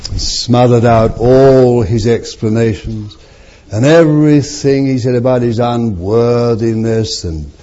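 A man preaching a sermon with fervour, his voice moving from near hushes to strong, drawn-out exclamations. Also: medium pitch, highs cut off. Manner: fervent, swinging from soft to loud, drawn-out phrases.

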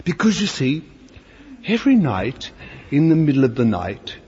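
A man's voice: a little high, big pitch swings, normal speed, darkish tone, breathy edge. An older man preaching a storytelling sermon, chatty and anecdotal, full of playful asides. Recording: dull old recording in a reverberant hall with faint hiss.

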